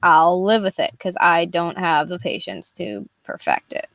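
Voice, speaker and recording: With a fairly low, gravelly yet fairly bright voice, a young woman artist chats unhurriedly while streaming her drawing. The recording is dry, and her casual, rambling talk is laced with free swearing.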